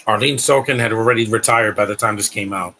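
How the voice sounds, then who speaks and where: A man's voice: on the low side, fast, gravelly, bright, forceful tone, a little hiss or hum, poor audio. A man hosting a live stream, giving a blunt, ranting movie reaction commentary with frequent restarts.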